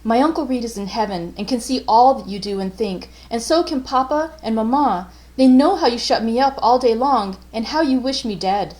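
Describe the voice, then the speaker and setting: A woman's voice: fairly high pitch, moderate pace, few pauses, a little mellow, lightly acted. A woman reading aloud, voicing a defiant young girl who speaks out boldly and indignantly. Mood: accusing.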